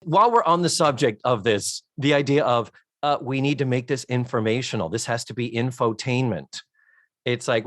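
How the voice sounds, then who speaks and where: A man in his forties co-hosting a comedy podcast, talking casually, swearing and acting out scenes in quick mock voices. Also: mid-range voice, no room sound, studio quality. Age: 40s. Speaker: podcast co-host. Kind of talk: casual comedic recap chat.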